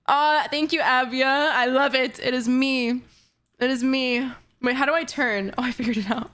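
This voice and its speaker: A woman in her twenties live-streaming, chatting casually in an excitable, gushing way with frequent giggles. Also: sits high, moderate pace. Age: 20s.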